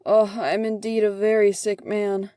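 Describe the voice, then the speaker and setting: A woman voicing a fussy, indignant older male official who complains loudly. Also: mid-range voice, flat delivery, measured pace, no echo, studio quality, close to an everyday voice. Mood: sick, plaintive. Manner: huffy and complaining.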